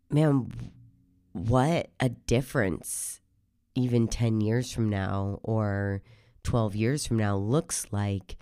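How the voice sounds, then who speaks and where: A woman hosting a podcast, talking casually in a rambling, chatty way while hoarse from a cold. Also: very deep voice, dark tone, no room sound, studio quality. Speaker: podcast host. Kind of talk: casual podcast intro monologue.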